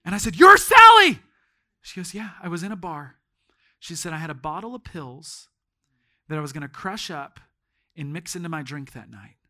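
A man preaching a sermon in a church as pastor, telling stories and swinging from hushed tones to shouts. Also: fairly high pitch, brisk.

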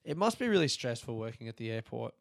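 A young man hosting a podcast, telling a comedic story in an animated, sweary way and acting out other people's lines. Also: mid-range voice, quick pace, creaky, dry recording, clean studio sound. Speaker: podcast host.

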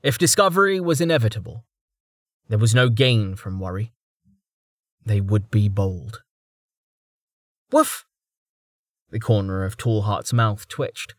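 A man narrating a fantasy audiobook in a calm, measured storytelling voice. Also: on the low side, no room sound, studio quality. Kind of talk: scripted narration.

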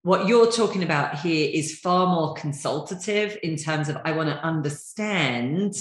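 A woman hosting an interview, quickly rephrasing her guest's points and steering the talk. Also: sits low, expressive. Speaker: podcast host. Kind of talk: conversational interviewing. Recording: echoey room.

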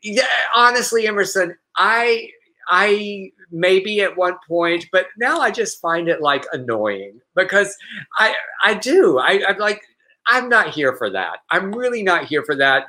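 A man co-hosting a chatty news show, his voice bright and swinging freely up and down. He reads items aloud and jokes as he goes. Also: sits high, very animated, unhurried. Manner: reads news aloud with playful mock accent, laughs often. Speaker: podcast co-host. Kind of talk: casual news chat.

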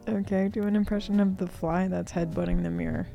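A woman's voice: on the low side, fairly even intonation, fairly quick, gravelly, over music. A woman co-hosting a casual podcast chat, dry and teasing in manner. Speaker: podcast co-host.

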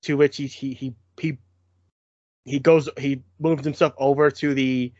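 A man's voice: medium pitch, a little slow, no room sound, lo-fi sound. A man co-hosting a podcast, chatting casually and laughing often as he recaps a series of shorts. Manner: animated, laughs often, restarts a lot. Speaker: podcast co-host.

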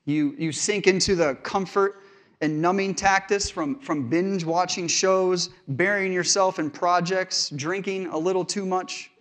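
A man's voice: high-pitched, steady tone, a little slow, a bit bright. Man preaching a conversational sermon. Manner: conversational storytelling from family life. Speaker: pastor.

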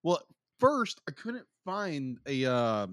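A man's voice: fairly high pitch, very animated, takes it slowly, a bit bright, no room sound, clean studio sound. A man co-hosting a casual podcast review, mostly giving short replies and reading out ratings. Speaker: podcast co-host.

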